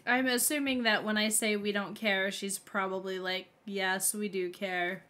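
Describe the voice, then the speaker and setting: A woman's voice: mid-range voice, steady tone, measured pace, bright, forceful tone. A woman playing in a tabletop game, making wry mercenary quips. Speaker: player. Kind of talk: casual tabletop play.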